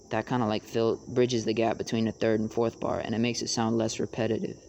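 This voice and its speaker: A young man explaining rap rhyme schemes in a casual tutorial, halting with many fillers. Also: lowish voice, completely flat delivery, vocal fry, a little mellow, slight background noise. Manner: halting, many fillers, raps lines to demonstrate.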